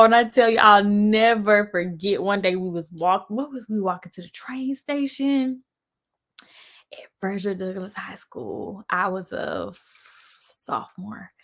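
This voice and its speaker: A young woman, casually telling a story on a live stream and talking straight to her viewers. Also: fairly low pitch. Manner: animated, sassy, addresses viewers as y'all.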